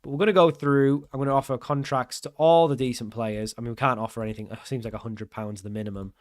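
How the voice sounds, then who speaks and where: A man's voice: mid-range voice, steady tone, fast, no echo. A young man giving casual gameplay commentary, thinking aloud in a puzzled, self-mocking way as he works through his choices. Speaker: gaming channel host.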